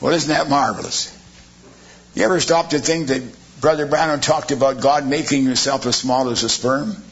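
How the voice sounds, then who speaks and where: Husky-voiced man preaching a sermon. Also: medium pitch, normal speed. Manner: preaching with rhetorical questions, sarcastic asides. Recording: dull lo-fi sermon recording.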